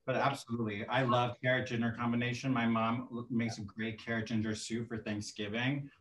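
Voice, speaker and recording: A man's voice: medium pitch, level tone, a little fast, a bit bright, reverberant, slight background noise. A man hosting a cooking contest over a video call, chatty and jokey, with a playful, teasing way of talking. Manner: chatty, jokey, hums to himself. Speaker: host.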